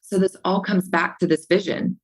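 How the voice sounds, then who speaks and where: A woman with a slightly low voice talks as a podcast guest, lively and animated. She acts out remembered exchanges and stacks up repeated phrases for emphasis. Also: moderate pace, low-quality recording. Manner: animated storyteller who acts out remembered dialogue. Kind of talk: conversational podcast interview.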